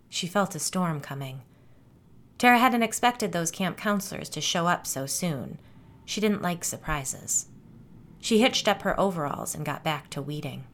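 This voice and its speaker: A woman narrating a scripted horror story in a measured, suspenseful way. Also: lowish voice, fairly bright tone.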